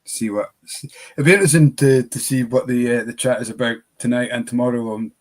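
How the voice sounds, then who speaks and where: A man's voice: mid-range voice, steady tone, fairly quick, a little mellow. Rambling, hesitant man co-host. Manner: rambling, hesitant, wry humour. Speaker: whisky shop co-host. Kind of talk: casual livestream chat.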